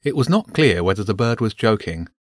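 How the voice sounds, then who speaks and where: Male audiobook narrator, low-pitched, measured, dry close sound. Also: sing-song, no echo.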